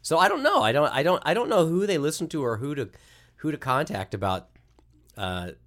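Thoughtful man with a lively pitch. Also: a little fast. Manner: relaxed, thoughtful, hesitant with restarts. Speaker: voice actor guest. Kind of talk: casual chat.

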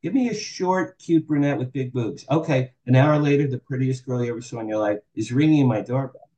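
A man's voice: mid-range voice, fairly quick, echoey room, lo-fi sound. A man in his sixties telling candid stories as a podcast guest, acting out the dialogue he quotes. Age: 60s. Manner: animated, acts out quoted dialogue. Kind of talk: candid storytelling interview.

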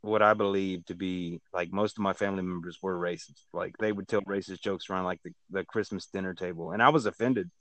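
Man co-host, halting and unsure, lowish voice, dry close sound. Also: fairly even intonation, a bit bright, dry recording. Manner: hesitant, halting, many restarts and fillers. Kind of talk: casual chat.

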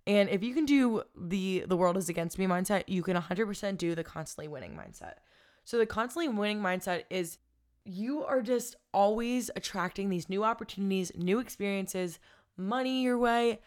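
A young woman talks straight to her listeners in a loose, chatty podcast monologue. She is animated and swears freely, hyping people up, and her voice sits at an ordinary middle pitch. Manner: animated, profane, hypes up listeners. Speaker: podcast host. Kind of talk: casual motivational podcast monologue.

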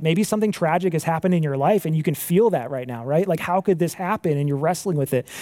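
A man preaching in a relaxed, talky way, checking in with listeners and correcting himself mid-sentence. His voice sits a little high for a man. The sound is close and dry, with no room around it. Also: dry recording. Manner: conversational, frequent "right?" and "like", self-correcting restarts. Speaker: pastor. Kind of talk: casual sermon.

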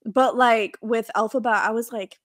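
A woman hosting a podcast in casual chat, gushing and excitable. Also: on the high side, moderate pace, dry recording, clean studio sound. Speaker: podcast host.

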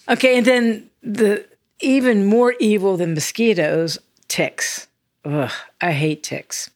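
An older woman with a mid-range, darkish voice co-hosts a podcast, chatting casually in a self-deprecating way. The recording is dry, with clean studio sound.

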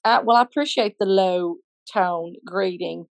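A woman's voice: lowish voice, a little slow, no room sound. Teasing Southern woman telling a story. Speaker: podcast co-host, school counselor. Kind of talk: casual chat, storytelling.

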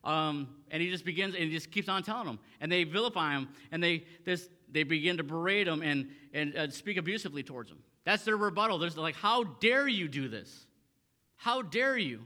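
Bright-voiced male pastor in a reverberant church. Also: on the high side, quick pace, few pauses. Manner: reads scripture then paraphrases with fillers and repeats. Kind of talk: sermon. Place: church sanctuary.

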